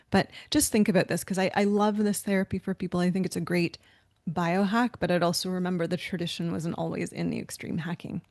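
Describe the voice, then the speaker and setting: A woman co-hosts a webinar discussion, talking in a loose, anecdotal way and thinking aloud with plenty of fillers. Her voice sits a little low, and the sound is close and dry with no room around it. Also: a little mellow, no echo. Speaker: webinar co-host.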